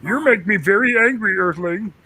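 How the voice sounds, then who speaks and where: A man's voice: high voice, moderate pace, pushed and bright, slightly rough, heavily acted. A man putting on the voice of an angry cartoon alien villain with clipped, menacing delivery.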